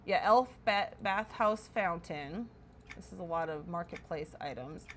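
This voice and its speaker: A woman's voice: lowish voice, unhurried, a little hiss or hum. A woman streaming casual commentary while touring a player-built game house, chatty and full of wonder, correcting herself as she goes.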